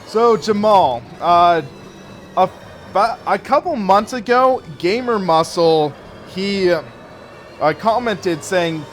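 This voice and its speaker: Playing a racing game live, this early-twenties man rambles through casual commentary and thanks viewers along the way. He speaks slowly in a high, expressive voice, and there's a little hiss or hum on the recording.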